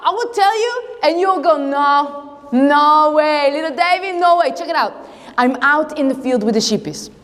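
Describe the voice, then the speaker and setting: A woman leading a camp chapel, telling a Bible story in the first person to young campers with playful sound effects and questions. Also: very high voice. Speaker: camp worship leader. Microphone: action camera. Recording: long echo in a hall.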